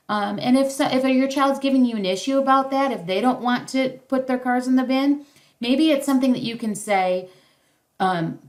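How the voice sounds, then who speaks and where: A woman's voice: on the high side, moderate pace, darkish tone. A middle-aged woman leading a parenting workshop over a video call, teaching casually and acting out short parent and child lines. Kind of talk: casual instructional talk.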